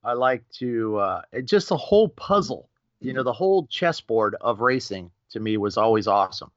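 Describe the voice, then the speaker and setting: A middle-aged man telling a racing story with lively energy, acting out quoted voices and swearing casually as a podcast guest. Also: mid-range voice, normal speed, no room sound, muffled recording. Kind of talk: animated storytelling.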